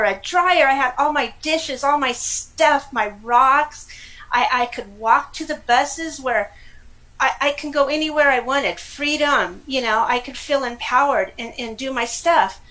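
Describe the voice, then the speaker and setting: A middle-aged woman from California telling her personal story in a casual, animated way, laughing often and exclaiming. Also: high-pitched, low-quality recording. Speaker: guest.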